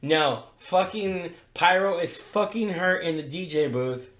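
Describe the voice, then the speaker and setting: A man's voice: high-pitched, a little slow. A man who works as a strip club DJ, telling a profane story on a podcast and acting out the people in it. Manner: profane, animated, acts out voices in his stories. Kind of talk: casual storytelling. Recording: echoey room.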